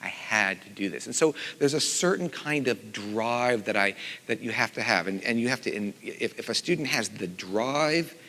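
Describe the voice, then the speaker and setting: A middle-aged man, a composer and teacher, giving a conference talk with animated storytelling and lively voiced quotes. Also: lowish voice, normal speed. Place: conference hall. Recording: long hall reverb.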